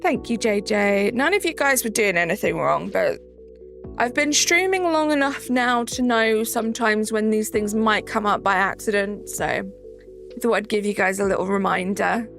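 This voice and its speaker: A woman's voice: medium pitch, normal speed, gravelly, fairly bright tone, faint music behind. A woman with a Southern English accent, hosting a live stream in casual chat, greeting viewers by name and reading the chat aloud. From south of England.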